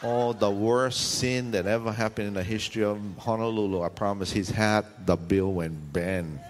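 A man preaching a sermon, telling a funny story and jumping into high squealing voices for the people in it. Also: normal speed, a little hiss or hum. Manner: animated, jumps into high squealing voices for the people in his stories.

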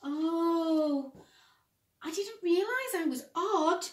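A woman playing a storybook sock, male, small, gentle, pleading, high and lively, heard from a distance. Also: drawn-out words, full character voice. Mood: wistful. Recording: roomy, distant mic.

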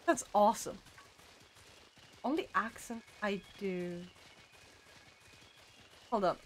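A woman's voice: mid-range voice, animated, slow, a little hiss or hum. A woman streaming a video game, chatting casually with her viewers and giggling often. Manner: giggly and chatty, reacting to chat. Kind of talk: casual livestream chat while playing.

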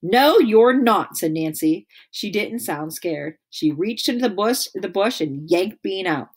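Storybook reader, woman, low-pitched, reads aloud with asides. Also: expressive, measured pace, husky. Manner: laughs and adds comments between passages. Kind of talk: reading a children's book aloud.

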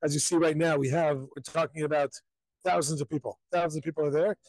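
A man's voice: fairly high pitch, steady tone, quick pace, a little mellow, dry recording, low-quality recording. A man, a rabbi, telling a story live at a crowded outdoor pilgrimage site, emphatic and repetitive, acting out the quotes.

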